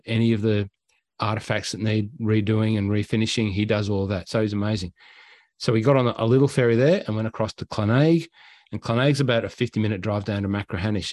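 A man's voice: fairly low pitch, no echo. Chatty Australian man telling stories. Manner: animated, acts out quotes and sounds. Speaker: podcast host. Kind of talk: casual storytelling.

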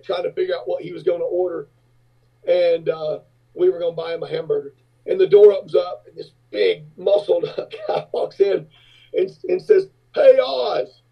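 A husky man tells his stories with gusto and jumps into high squeaky voices for the people in them. His voice sits a bit high for a man, and the audio sounds dull and lo-fi. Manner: animated storyteller, acts out other voices in high pitch. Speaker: rock singer and businessman, guest. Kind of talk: casual interview storytelling.

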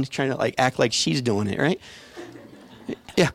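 A man delivers a sermon to his congregation in the church sanctuary, keeping it conversational with stories and questions for those gathered. His mid-range voice is sing-song and a little fast, with vocal fry, and the recording is dry.

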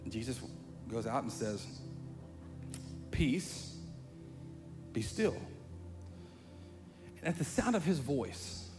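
A pastor preaching a sermon in a chatty, conversational way, building to animated emphasis. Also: male voice, mid-range voice. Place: church sanctuary. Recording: long hall reverb, faint music.

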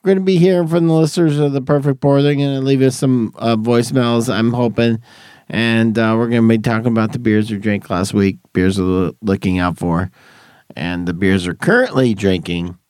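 A man's voice: mid-range voice, normal speed, darkish tone, clear, resonant tone, no echo. A man hosting a podcast from a garage studio, rambling and laughing through tipsy banter. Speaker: podcast host. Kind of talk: casual chat.

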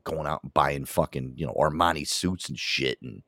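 A man's voice: rumbling low, moderate pace, vocal fry, no room sound, studio quality. A man with a New York accent hosting a casual podcast chat, swearing freely and laughing often. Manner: profane, animated, laughs often. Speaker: podcast host.

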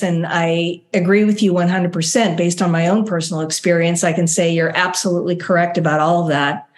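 Measured, polite woman host. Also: on the low side. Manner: measured, polite, reads prepared introduction. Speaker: interview host. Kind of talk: formal introduction and questions.

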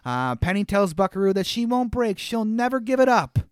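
A man's voice: high-pitched, big pitch swings, normal speed, smooth, dry recording, studio quality. A man co-hosting a casual podcast, recapping a movie with wry asides and frequent laughter. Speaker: podcast co-host.

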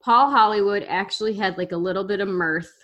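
A woman's voice: medium pitch, brisk, fairly bright tone, highs cut off. A woman co-hosting a podcast in casual chat, enthusiastic and chatty, often restarting her sentences. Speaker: podcast co-host.

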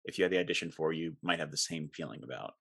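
Male interviewer, low voice, halting and conversational. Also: vocal fry, a bit bright, slightly rough. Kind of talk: casual interview questions.

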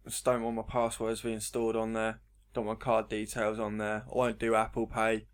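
A man's voice: fairly low pitch, moderate pace, smooth. Chatty stammering man. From England. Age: 30s. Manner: animated, swears freely, stammers with repeated restarts. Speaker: podcast co-host. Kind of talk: casual chat.

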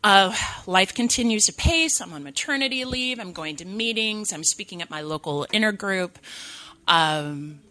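A woman's voice: medium pitch, lively intonation, normal speed, pushed and bright. A woman in her thirties from California, speaking at a recovery meeting and telling her story with candid, self-deprecating humor. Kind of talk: personal recovery testimony.

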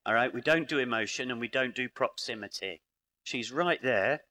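This middle-aged British speaker, addressing a live conference in a parish hall, has a medium pitch, a moderate pace and a sharp tone. He acts out dialogue as he tells his stories with dry wit in a lively talk.

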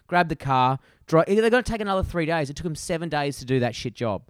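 A man tells a story in a heated, profanity-laced rant, co-hosting a casual podcast. His voice sits a little high and comes through smooth and clear. The sound is dry, as if he is speaking close to a video-call mic. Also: quick pace, few pauses, no echo. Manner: ranting, swearing, animated storytelling. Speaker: podcast co-host.

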